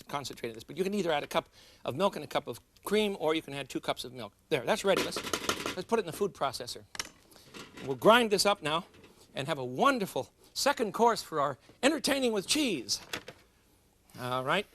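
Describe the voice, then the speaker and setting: A middle-aged man with a slightly high voice demonstrates a recipe in a studio kitchen. His pitch swings widely as he chats and jokes with the viewers, laughing at himself between steps. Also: sing-song, a little fast, fairly bright tone. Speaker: cooking show host. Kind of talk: cooking demonstration.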